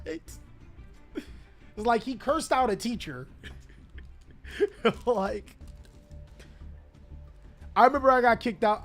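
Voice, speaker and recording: A young man hosting his channel, telling a story casually to his chat, animated, laughing often and swearing freely. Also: high-pitched. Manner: animated, laughing, profane, chatty. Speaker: channel host.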